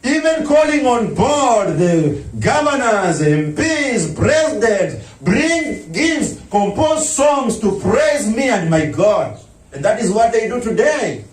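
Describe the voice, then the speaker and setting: A man preaching a sermon as a pastor, breaking into shouts and mocking impressions of others. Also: high-pitched, big pitch swings, slow pace. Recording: echoey room, mic at a distance.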